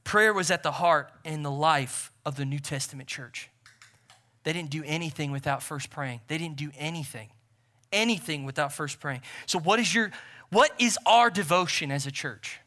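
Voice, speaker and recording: High, bright-voiced male preacher. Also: normal speed. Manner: conversational preaching, repeats phrases for emphasis. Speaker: pastor. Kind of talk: sermon.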